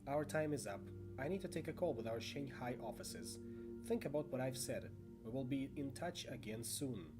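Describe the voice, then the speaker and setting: A calm, persuasive corporate executive wraps up a meeting in measured tones, voiced by a man. The voice lilts with a lively pitch over background music. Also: natural voice. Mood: businesslike. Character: smooth corporate executive recruiter.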